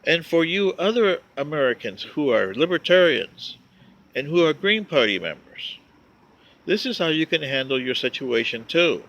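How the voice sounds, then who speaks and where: Bright, animated man telling a story. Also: fairly high pitch, creaky, muffled recording. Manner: wry, joking, drawn-out emphasis. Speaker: vlogger. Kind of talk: casual storytelling monologue.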